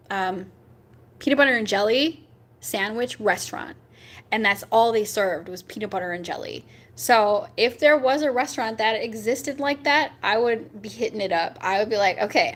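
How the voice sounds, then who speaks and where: A young woman hosting a casual chat, talking with her viewers, rambling with fillers and jumping up in pitch when she reacts. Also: a bit bright. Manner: chatty and rambling, with many fillers and laughs. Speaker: livestream host chatting with viewers.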